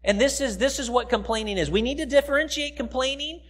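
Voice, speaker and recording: A man with a very high-pitched voice delivers a sermon in a church. His preaching is conversational and down to earth, and he slips into the voices of the people he quotes. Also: quick pace, fairly bright tone. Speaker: pastor. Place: church sanctuary.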